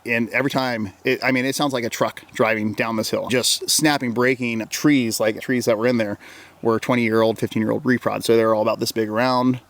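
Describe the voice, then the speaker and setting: A man's voice: mid-range voice, steady tone, fairly quick, fairly bright tone. A man from Oregon, a wilderness guide, casually telling a long story in an interview, often repeating himself and quoting his own words. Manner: rambling, repeats words, quotes himself with "I'm like". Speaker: interview guest recounting an encounter.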